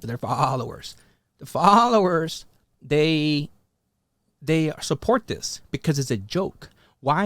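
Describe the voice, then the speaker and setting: This commentary channel host rambles loosely through a casual vlog, full of fillers and restarts, his pitch rising when he makes a point. He speaks straight to his followers with a challenging edge, in a slightly mellow voice recorded without echo.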